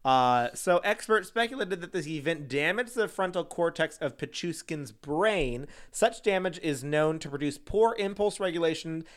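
Man hosting a true crime podcast, animated tone, slightly high voice, laughs a lot, teasing. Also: normal speed, few pauses. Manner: laughs often, teasing banter. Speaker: podcast co-host.

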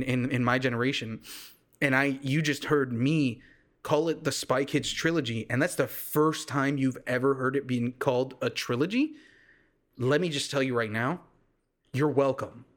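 Rambling young man from Texas. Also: mid-range voice. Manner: rambling, loose and jokey, with many fillers and restarts. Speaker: podcast host. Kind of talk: casual solo podcast chat. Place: warm home room with a fan running.

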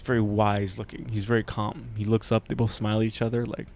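A man's voice: on the low side, flat delivery, fast talker, a little mellow, a little hiss or hum. A man hosting a podcast, casually retelling a story with lots of fillers, restarts and asides. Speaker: podcast host. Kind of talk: casual chat.

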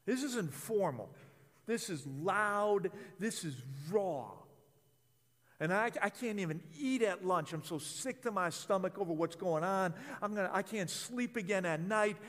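A man's voice: high-pitched, animated, measured pace, a bit bright, big-room sound. A man preaching a sermon in an impassioned, conversational way, often repeating words as he speaks. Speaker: pastor.

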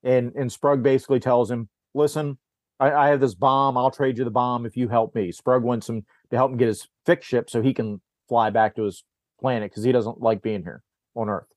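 A man's voice: medium pitch, fairly even intonation, moderate pace, no room sound, studio quality. Man recapping a film, acting out quotes. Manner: rambling recap, acts out character lines, frequent restarts. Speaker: podcast host. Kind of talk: casual movie discussion.

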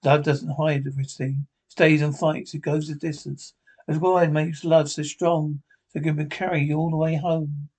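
Kind angel, gentle, comforting, TV drama. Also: female voice, low-pitched, level tone, moderate pace, breathy edge. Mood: tender. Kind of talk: TV drama acting.

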